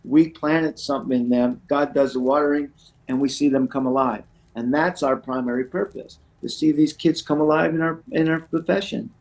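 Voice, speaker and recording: A man's voice: fairly high pitch, steady tone, normal speed, a little mellow, low-quality recording. A middle-aged man speaking as an interview guest about recovery, earnest and passionate, often restarting his sentences and saying "you know". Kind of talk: casual interview talk.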